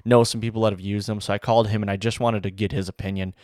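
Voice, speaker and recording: Low-voiced man telling a hunting story. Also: very fast, dry recording, clean studio sound. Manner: rambling, excited, full of "like" and "you know". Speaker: bowhunter. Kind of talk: casual storytelling to camera.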